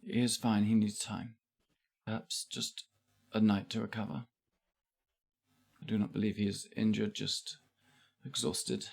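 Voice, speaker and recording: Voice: medium pitch, level tone, unhurried, vocal fry, long pauses, a little mellow, breathy edge. Game master as a stern, formal guardian. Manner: formal, clipped.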